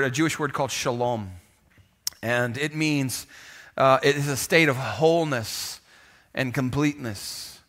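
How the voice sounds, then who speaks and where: A man with a bright, forceful voice preaches a sermon in a loose, chatty way. He stumbles and restarts, and keeps inviting the congregation to say lines back to him. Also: mid-range voice. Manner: conversational with restarts, asks the congregation to repeat lines. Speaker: pastor. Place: church sanctuary with live congregation.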